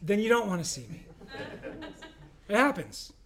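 High-voiced pastor preaching casually. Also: male voice, big pitch swings, moderate pace, fairly bright tone. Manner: conversational, humorous, acts out voices in quotes. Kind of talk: sermon. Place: church.

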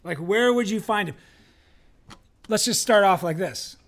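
This preacher's voice sits high and a little bright, and he keeps a measured pace. His sermon is casual and funny, and he slips into different voices whenever he quotes someone.

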